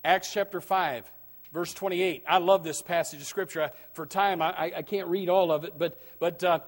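High-voiced preacher man, loud then soft. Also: steady tone, moderate pace. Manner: swings from loud preaching to low, quiet asides, calls of amen; repeats words when starting sentences. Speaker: pastor. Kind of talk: sermon.

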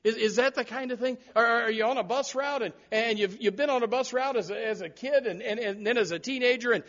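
A male pastor preaching a sermon in church, animated, with repeated words and sudden loud rises. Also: extremely high pitch, brisk, hardly any pauses, dull audio.

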